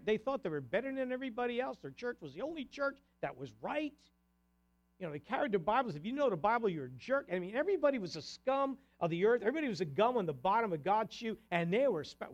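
A man preaching a sermon to his congregation, swinging between loud declarations and soft conversational asides. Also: sits high. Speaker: pastor.

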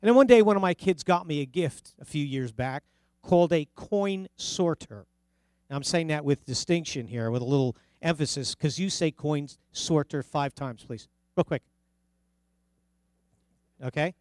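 Earnest New Jersey preacher, dry close sound. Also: male voice, fairly high pitch, moderate pace, darkish tone, no room sound. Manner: earnest storytelling with emphatic repeated phrases. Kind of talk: sermon.

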